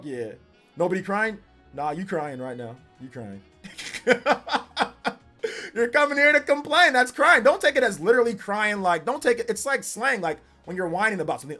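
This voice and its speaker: A man in his forties streaming live and reading chat, laid-back with bursts of animated teasing. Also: sits high, normal speed. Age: 40s. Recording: faint music behind the voice.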